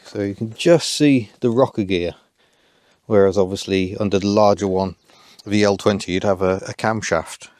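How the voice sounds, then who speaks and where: A man's voice: fairly low pitch, no echo. Dry, rambling man outdoors. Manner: rambling, dry self-deprecating asides. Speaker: car vlogger. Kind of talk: casual commentary while working. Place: overgrown rural yard outdoors.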